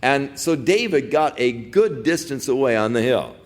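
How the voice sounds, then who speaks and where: A man's voice: mid-range voice, animated, normal speed. A man teaching through a Bible passage as a pastor, talking conversationally with digressive asides.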